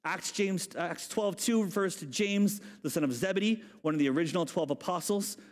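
A male pastor delivering a lively, joking sermon with a high voice. His talk is loose and conversational, and it carries a long reverb from a large hall. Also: fairly quick. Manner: animated, humorous, conversational.

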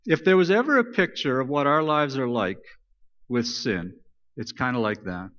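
This pastor's mid-range voice moves at normal speed as he tells a folk tale within his sermon, casual, joking and animated. The sound is that of a big room, with the highs trimmed away.

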